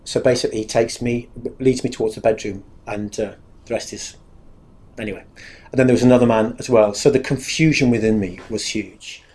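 A man's voice: medium pitch, brisk, darkish tone. A man giving a candid, confessional spoken testimony about his own life, speaking earnestly and acting out remembered dialogue.

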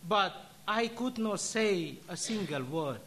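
Slow, solemn high-voiced man preaching. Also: animated, fairly bright tone. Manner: solemn, deliberate, measured delivery. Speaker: religious brother giving a reflection. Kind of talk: sermon with a personal story and a closing prayer.

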